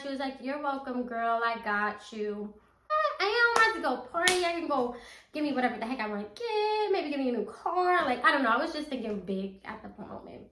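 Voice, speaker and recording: A young woman telling a story to her viewers in casual chat, acting out what people said with lively asides. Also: on the high side. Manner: animated, acts out quotes, talks straight to viewers. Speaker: storytime vlogger. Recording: echoey room.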